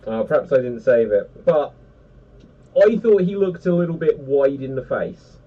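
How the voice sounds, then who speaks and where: A man chatting casually on a pop-culture panel, rambling and animated with lots of fillers. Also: medium pitch, normal speed. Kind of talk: casual chat. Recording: distant dull lo-fi mic.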